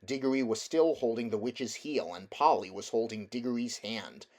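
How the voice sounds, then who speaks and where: A man reading a children's fantasy novel aloud in a steady, measured storytelling manner. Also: medium pitch. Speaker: audiobook reader.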